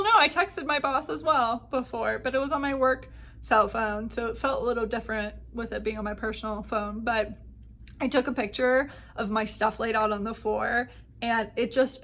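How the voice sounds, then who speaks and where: A woman's voice: fairly high pitch, fairly bright tone. A woman hosting a podcast, telling a travel story in casual chat and acting out the exchanges she quotes. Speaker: podcast host.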